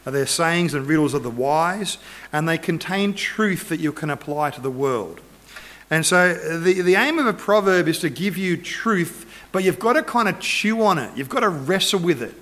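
A middle-aged man preaching a relaxed, conversational sermon, telling stories and acting out the voices in them. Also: a little high. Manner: conversational storytelling, acts out quoted voices. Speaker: pastor.

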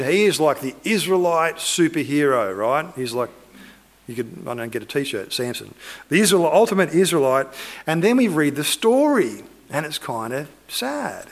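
A man's voice: fairly high pitch, big pitch swings, normal speed. A man preaching, retelling a Bible story in a loose, conversational way with asides to his listeners.

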